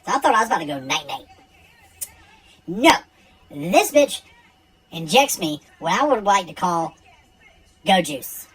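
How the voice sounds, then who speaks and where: A man tells a true personal story in a relaxed, casual way, blunt and full of profanity. His voice moves up and down a lot as he goes. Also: high-pitched, unhurried, long pauses, crowd noise, poor audio.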